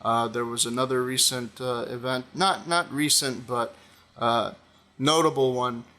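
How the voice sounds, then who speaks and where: A young man talks through his opinion in a loose commentary monologue. His voice is bright and forward. He hesitates a lot, filling gaps with ums and uhs and restarting sentences, all at a mid pitch. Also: fairly even intonation, a little slow. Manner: hesitant, many fillers and restarts. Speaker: video essayist.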